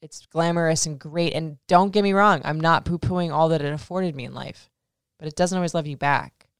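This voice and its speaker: Her voice is deep and smooth, at a normal speed, recorded with no room sound. This woman in her thirties, hosting a casual podcast, responds to listener questions frankly and with profanity, saying "like" constantly and seeming close to tears.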